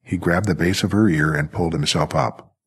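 A man narrating a story in a measured audiobook reading. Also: sits low, husky.

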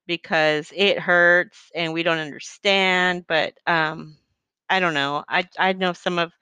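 A woman's voice: lowish voice, sharp tone, clear, resonant tone, no room sound. A middle-aged woman talking earnestly in a rambling, heartfelt faith-based monologue, full of fillers.

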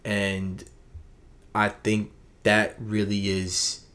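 A man with a fairly low voice, talking loosely to his listeners late at night. He rambles and circles back on his words, earnest and unpolished. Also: monotone, drawn-out words, bright, forceful tone. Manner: rambling, earnest, self-correcting. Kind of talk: casual late-night monologue.

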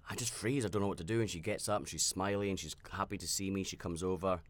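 Talking fast in a deep voice, a podcast host relates a personal story. He rambles candidly and reflectively, restarting often and leaning on fillers, with a self-aware manner.

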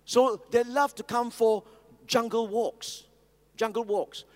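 A male preacher tells stories in his sermon and keeps asking the audience questions. His voice sits high. A long reverb of a large hall carries every line. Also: fairly even intonation, slow. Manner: storytelling, asks the audience questions.

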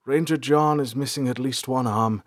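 A man voicing a weary, shaken male ranger who speaks in a subdued, halting way in a storybook. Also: mid-range voice, no echo, clean studio sound, natural voice.

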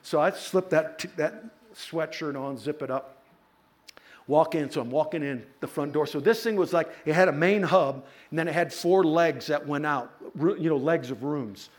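A man's voice: a little high, normal speed. A middle-aged man pastor preaching a sermon, telling a personal story with playful asides to his congregation. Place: church.

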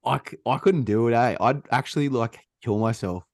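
A young man with an Australian accent hosts a podcast in loose, easygoing banter. He laughs a lot and swears casually, his voice at an average pitch. The sound is close and dry, with no room around it. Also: a little fast, gravelly, darkish tone, no room sound. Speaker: podcast host. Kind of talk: casual chat.

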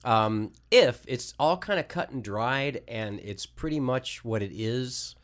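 A man talking casually as a podcast guest, his pitch moving up and down a lot as he thinks aloud. He answers in a relaxed, unhurried way and often restarts his sentences. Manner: relaxed, thoughtful, hesitant with restarts. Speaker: voice actor guest. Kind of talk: casual chat.

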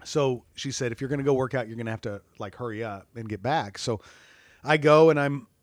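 A man's voice: medium pitch, a little fast, no echo. A man spins a self-deprecating story in easy, casual chat, his voice swinging up and down as he breaks into laughter. His voice is dry and close, with no room sound. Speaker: church staff guest.

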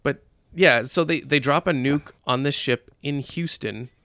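A man's voice: mid-range voice, measured pace, fairly bright tone, no room sound, clean studio sound. A man co-hosting a podcast, chatting casually about a film in a joking, rambling way, with asides along the way. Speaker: podcast co-host. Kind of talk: casual chat recapping a film.

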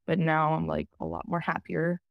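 A woman's voice: sits low, flat delivery, normal speed, creaky, no room sound, highs cut off. A woman talking candidly in an interview, rambling and filling her talk with "you know" and "like". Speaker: program client sharing her story.

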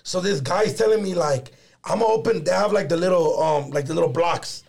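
A man's voice: a little high, a little fast, vocal fry. A young man telling a story in a casual podcast chat, swearing freely and slipping in Spanish slang. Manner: profane, animated storyteller, slips in Spanish slang.

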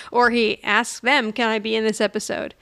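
A woman's voice: fairly high pitch, level tone, normal speed, gravelly, sharp tone, clean tone. A woman co-hosting a podcast, chatting casually as she retells a TV episode and often laughs. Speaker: podcast co-host recapping a TV episode. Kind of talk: casual chat.

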